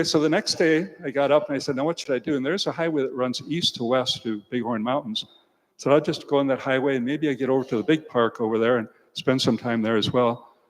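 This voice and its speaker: Older guy priest giving a homily, chatty folksy stories, echo off a big church. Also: mid-range voice. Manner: folksy storytelling, talks to children. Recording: church hall reverb.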